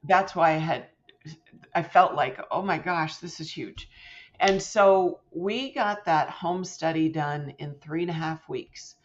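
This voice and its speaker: Speaking slowly, a middle-aged woman shares a personal story as a guest on a podcast. She tells it animatedly, leaping up and down in pitch as she performs the voices she quotes, over slightly muffled, lo-fi audio.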